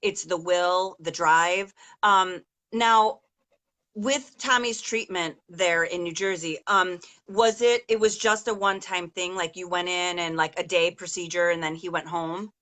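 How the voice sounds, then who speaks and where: Her voice lowish, steady, unhurried and a bit bright, a middle-aged woman interviews a guest over a casual call. She is the mother of an injured daughter and tells a long, rambling, emotional personal story full of fillers.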